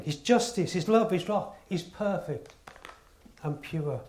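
Man, preaching a sermon, fairly high voice, earnest, repeats words for emphasis, echoey church. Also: unhurried, darkish tone. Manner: earnest, repetitive emphasis, rhetorical questions. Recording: echoey room.

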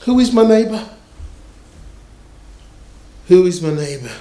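A man's voice: sits high, sing-song, takes it slowly, mellow. A man preaching a sermon in a storytelling manner, repeating key phrases for emphasis. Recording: echoey room.

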